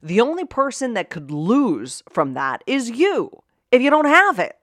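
A middle-aged woman from Pittsburgh with a faint Pittsburgh accent, hosting a solo podcast in a chatty, animated way full of asides. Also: on the high side, unhurried, no room sound, studio quality. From Pittsburgh, USA. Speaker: podcast host.

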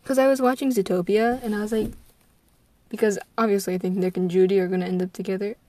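Teenage American girl, scatterbrained rambling chat, mid pitch, dry close mic. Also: steady tone, fast, dark tone, no room sound. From United States. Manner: scatterbrained, giggly, trails off and restarts. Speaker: vlogger.

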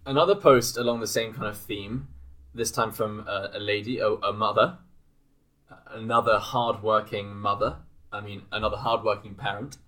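A man's voice: fairly low pitch, steady tone, moderate pace, bright, forceful tone. A young man co-hosting a podcast in casual chat, amused and teasing as he laughs between lines. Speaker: podcast co-host.

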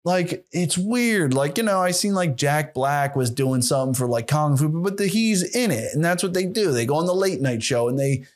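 Young male podcaster, solo monologue, slightly high voice, sarcastic and profane. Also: expressive, moderate pace, few pauses. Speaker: podcast host.

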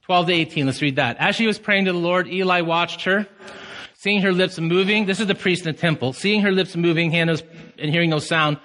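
A pastor preaching a passionate sermon, his voice surging up to loud shouts of emphasis. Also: high-pitched, brisk, slight background noise. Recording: long hall reverb.

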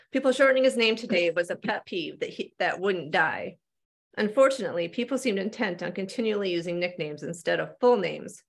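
Gravelly-voiced woman reading fiction aloud. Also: on the low side. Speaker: author reading her book. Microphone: video call.

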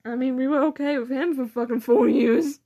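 Briskly and in a dark-toned high voice with fairly even intonation, a teen student vlogger rambles about school. She giggles throughout and imitates people in mocking voices.

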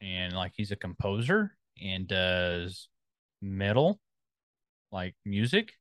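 A man's voice: deep voice, very animated, takes it slowly, fairly bright tone, dry recording. A man co-hosting a podcast in casual chat, rambling as he scrolls and reads out film listings. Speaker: podcast co-host.

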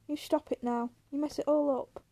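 A woman's voice: high voice, fairly even intonation, moderate pace, mellow, no echo. A woman reading aloud, voicing a lonely young ranch wife who chats in a teasing, vain way. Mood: alarmed.

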